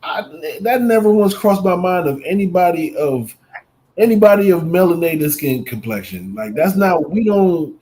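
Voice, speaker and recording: Animated man chatting casually. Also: sits high, moderate pace, low-quality recording. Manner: animated, colloquial, repeats words as he thinks. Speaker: podcast co-host. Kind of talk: casual podcast chat.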